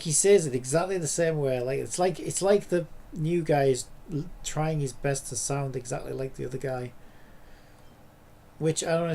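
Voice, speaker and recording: There's slight background noise as a man with a somewhat high, creaky, dark-toned voice streams a game. He rambles casually throughout, using lots of filler like "like" and "you know."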